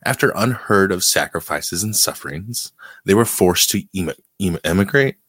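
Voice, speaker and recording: Man, very low voice, dry close sound, casual podcast chat, reads aloud haltingly. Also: expressive, fairly bright tone, slightly rough, no room sound. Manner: reads text aloud haltingly, stumbling on words. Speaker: podcast co-host.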